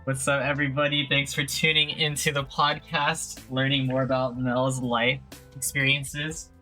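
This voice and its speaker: A man hosting a live-streamed interview podcast, talking in a polite, steady way as he tries to keep things professional. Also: medium pitch, normal speed, faint music behind. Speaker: podcast host.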